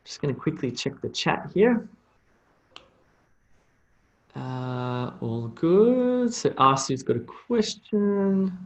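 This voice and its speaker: Slow Australian man teaching pronunciation. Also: on the high side, expressive, lo-fi sound. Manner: slow, drawn-out model phrases for repetition. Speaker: English teacher. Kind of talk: live online pronunciation lesson.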